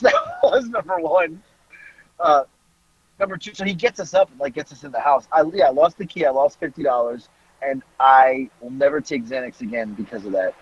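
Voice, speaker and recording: A fairly high-voiced man tells a wild night-out story on a podcast, swearing and laughing as he goes. His voice is husky and swings widely in pitch. The recording is dry and slightly dull, like a lo-fi podcast mic. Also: dry recording. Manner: animated, laughing, swearing freely. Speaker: podcast host. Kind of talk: casual storytelling.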